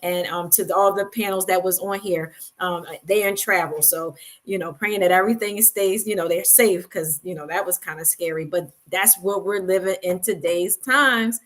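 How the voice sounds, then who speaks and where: A woman's voice: on the low side, normal speed, fairly bright tone. A woman guest panelist who talks in an effusive, thankful way. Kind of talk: casual chat.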